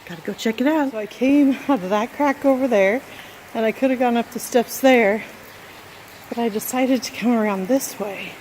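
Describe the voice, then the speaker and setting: A woman vlogging on a phone as she hikes through caves and woods, talking excitedly to the camera and out of breath at times. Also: fairly high pitch, a little hiss or hum. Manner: chatty, excited, talking to camera while walking. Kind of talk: casual hiking vlog. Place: outdoors in caves and forest. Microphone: phone held while walking.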